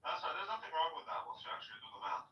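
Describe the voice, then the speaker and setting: A man's voice: a little high, very animated, rapid-fire, sharp tone. A man on a podcast, taunting his co-host with short, repeated retorts in crude banter. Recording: roomy, distant mic.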